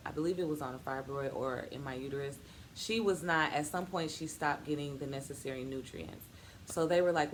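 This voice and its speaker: Woman in her thirties, low voice, vlog testimony, faint noise behind. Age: 30s. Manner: earnest, faith-filled storytelling with quoted dialogue. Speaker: vlogger.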